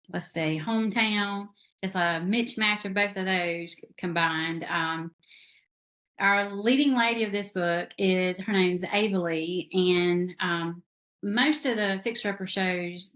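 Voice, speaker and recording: A woman's voice: on the low side, fairly bright tone. Chatty Southern woman author. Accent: Southern American. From South Carolina. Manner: chatty storyteller, many fillers. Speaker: author guest. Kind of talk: casual interview chat.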